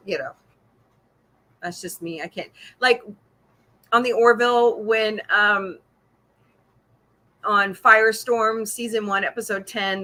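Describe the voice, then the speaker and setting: A middle-aged woman hosts a loose, casual livestream chat, jumping between topics and laughing often. Her voice sounds bright, and she answers viewers' comments as she goes. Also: mid-range voice. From Missouri. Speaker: podcast host.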